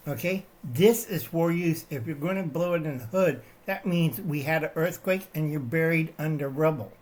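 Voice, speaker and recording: An older man hosting his own channel, ranting in a digressive, satirical way, often tagging his lines with "okay?" while showing things to the camera. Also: fairly high pitch. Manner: shows items to the camera while talking. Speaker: channel host. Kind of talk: rambling satirical rant.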